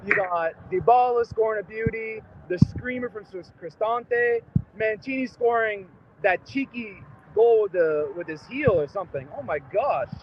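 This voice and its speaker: Hoarse, high-voiced male fan on a muffled phone line, loud street noise behind, excited and a bit tipsy. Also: moderate pace. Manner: excited, rambling, slightly tipsy. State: hoarse, lost his voice. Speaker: fan calling in as a guest. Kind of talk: casual chat. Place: outdoors at a stadium. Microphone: phone call. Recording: noisy lo-fi phone line from outside.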